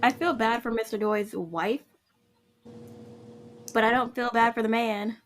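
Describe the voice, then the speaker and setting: A woman co-hosting a casual podcast chat, recapping a story game and acting out the characters in quick asides. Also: fairly high pitch, a little hiss or hum. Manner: animated, mimics characters in quick asides, laughs often.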